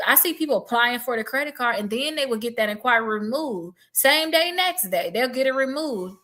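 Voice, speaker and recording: Woman credit advisor, casual direct-to-viewer talk, bright forceful voice, blunt and emphatic. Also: on the high side. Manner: blunt, emphatic, addresses the audience as y'all.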